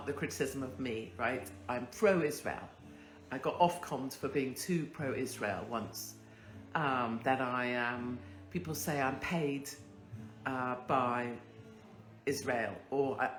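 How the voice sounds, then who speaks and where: A woman's voice: a bass voice, a bit bright, reverberant. A woman hosting a casual monologue, ranting bluntly and swearing freely into a phone. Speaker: host.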